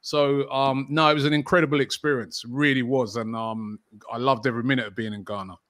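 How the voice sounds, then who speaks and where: Brief: middle-aged London man, talkative interview guest, mid pitch, dry close mic. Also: fairly even intonation, fairly quick, a bit bright, no room sound. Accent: London English. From England. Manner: chatty, frequent fillers and restarts. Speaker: football channel host, interview guest. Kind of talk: casual interview conversation.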